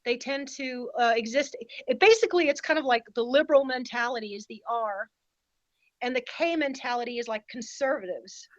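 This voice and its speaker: Emphatic woman podcast guest with a high voice, dry and a bit lo-fi. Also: fairly quick, dry recording. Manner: emphatic and indignant. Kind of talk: casual podcast conversation.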